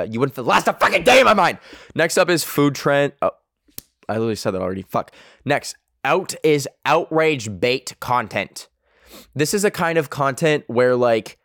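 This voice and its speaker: A man with a mid-range voice hosts a podcast, delivering a casual opinion rant full of swearing and rambling with lots of fillers. The sound is clean studio quality with no echo.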